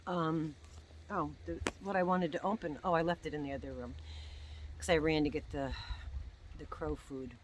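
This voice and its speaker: A woman's voice: deep voice, steady tone, normal speed, long pauses, slight background noise. Rambling chatty woman in her sixties. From United States. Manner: chatty, meandering, self-interrupting. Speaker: crochet vlogger. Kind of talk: rambling casual chat.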